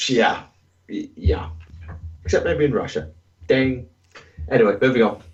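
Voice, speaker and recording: A man's voice: medium pitch, lively intonation, slow pace, recorded from a distance, dull audio. A man co-hosting a casual gaming podcast, reading listener questions and rambling through answers with plenty of hesitations. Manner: rambling and hesitant, with many fillers.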